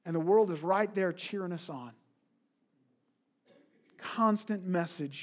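Middle-aged male pastor, high voice, earnest sermon delivery with rhetorical questions. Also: slow, pauses often.

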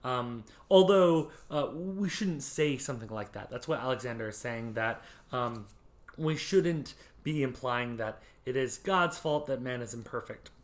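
A man with an ordinary middle-pitched voice lectures on poetry. He explains patiently and conversationally, often pausing on "um" and restarting his sentences as he goes. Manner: explains patiently with frequent ums and small restarts. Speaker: poetry instructor.

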